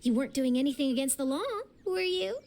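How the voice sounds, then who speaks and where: Charlotte, a pushy young reporter. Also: female voice, sits high, fast talker, vocal fry, a little mellow. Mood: probing. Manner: probing, teasing, confident. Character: pushy inquisitive young woman journalist. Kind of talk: video game voice acting.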